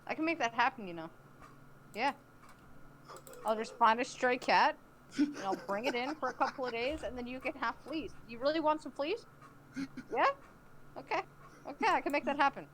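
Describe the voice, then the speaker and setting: A woman's voice: high voice, normal speed, long pauses, fairly bright tone, slight background noise. A woman chatting casually on a game stream, sarcastic and swearing freely.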